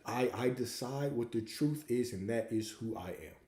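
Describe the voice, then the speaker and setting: A man's voice: medium pitch, normal speed, dark tone, roomy sound. A man hosting a livestream Q&A, coaching viewers and hammering points home with repeated rhetorical questions. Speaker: host answering viewer questions.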